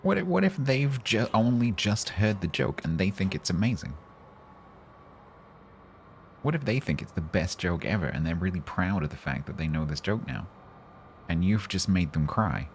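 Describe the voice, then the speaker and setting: A man's voice: low-pitched, very animated, normal speed, a little hiss or hum. A man live-streaming a game, chatting casually and jokingly with his chat.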